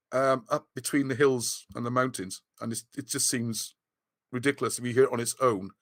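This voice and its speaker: A man talks casually on a livestream, rambling and excitable, often stopping to restart his sentences. His voice is mid-pitched and a little strained, as if it is giving out. The sound is dry and close, with no room around it. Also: no echo. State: losing his voice. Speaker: host of a live video chat.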